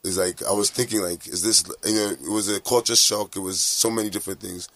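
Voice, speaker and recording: Interview guest: Nigerian man, 30s, American-tinged accent, lowish voice, quick, earnest. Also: steady tone, fairly bright tone, no room sound. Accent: American-influenced Nigerian English. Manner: reflective, emotional, earnest. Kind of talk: personal interview recollection.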